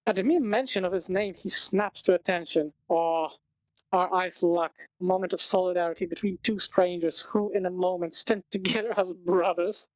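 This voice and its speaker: A woman streamer reading a visual novel aloud at a fast clip, breaking off for sarcastic, profane commentary. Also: fairly low pitch, steady tone, a little mellow, no echo. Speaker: let's play streamer.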